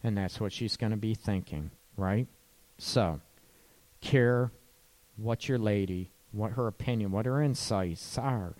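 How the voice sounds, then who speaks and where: With a lowish, darkish voice and a slightly slow delivery, a man gives listeners laid-back relationship tips. He's talkative, keeps asking "right?", and laughs at his own observations.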